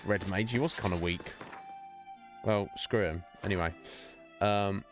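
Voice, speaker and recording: Male streamer, lowish voice, loose rambling let's-play chatter over faint game music. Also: a little slow, long pauses. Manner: rambling, thinking aloud while playing. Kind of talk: casual let's-play commentary.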